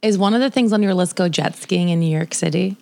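A young adult woman co-hosting a podcast, telling stories in a lively way and using lots of "like" as filler. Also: fairly low pitch, quick pace, vocal fry, no room sound. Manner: animated storyteller, quoting others, heavy "like" fillers. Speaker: podcast co-host. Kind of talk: casual chat.

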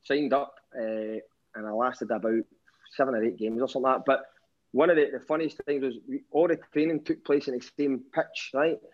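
A man's voice: medium pitch, steady tone, brisk. A Scottish man with a Glaswegian accent telling a story as a caller, with wry self-mockery and a fair bit of swearing. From Scotland. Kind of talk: casual storytelling. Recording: dull lo-fi call line.

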